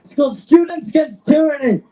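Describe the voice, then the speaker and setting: A young man, a student activist, giving an impassioned, defiant speech to an outdoor rally, shouting and out of breath. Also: very high voice, animated, fairly quick, noisy background. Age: young adult.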